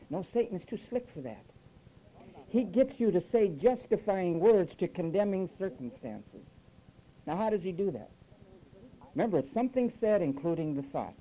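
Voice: mid-range voice, big pitch swings, moderate pace, dark tone, a little hiss or hum, poor audio. A preacher delivering a sermon with sarcastic asides, mimicking the phrases he criticises. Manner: sarcastic, mocks quoted phrases with acted voices.

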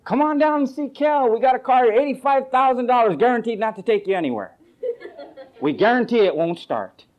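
A preacher voicing a pushy male car salesman shouting a sales pitch in a mock ad. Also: lively intonation, fairly quick, muffled recording. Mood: hyped.

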